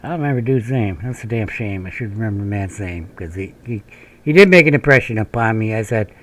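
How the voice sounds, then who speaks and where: A man's voice: fairly low pitch, lively intonation, fast talker, fairly bright tone. A man from Minnesota who hosts a gaming channel, telling a long, rambling, profane story while he plays. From Minnesota, USA. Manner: profane, rambling, laughs often.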